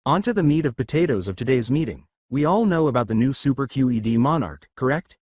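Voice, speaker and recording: A man playing a laid-back, sardonic young American man who speaks in an offhand way. The pitch stays lively. The reading is dry and close. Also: fast, dry recording, natural voice.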